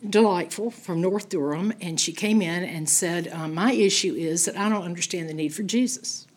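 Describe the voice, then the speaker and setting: Husky older woman teaching scripture. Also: lowish voice, normal speed. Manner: folksy, animated storytelling with quoted voices. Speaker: Bible teacher. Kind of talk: Bible study teaching with storytelling.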